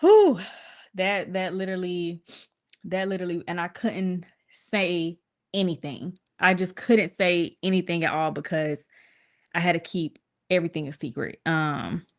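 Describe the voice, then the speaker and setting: A woman's voice: fairly low pitch, a little slow. A young woman, telling viewers a story in a casual stream and acting out quoted voices. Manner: animated, acts out quoted voices with cursing.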